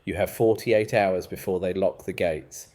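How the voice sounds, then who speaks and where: A man voicing a blunt, composed woman gardener in a storybook reading, speaking in a flat, firm, matter-of-fact way. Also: low-pitched, normal speed, natural voice.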